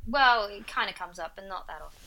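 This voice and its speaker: Young woman from Essex, Essex accent, bright, playful podcast co-host, animated banter. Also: medium pitch, fairly quick, slight background noise. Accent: Essex English. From Essex, England. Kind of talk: casual podcast chat.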